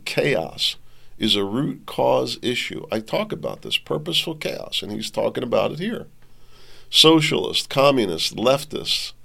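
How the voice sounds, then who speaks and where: A man's voice: mid-range voice, creaky, fairly bright tone. A man hosting a commentary show, reading an article aloud and riffing on it in a rambling way. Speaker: podcast host. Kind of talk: political commentary monologue.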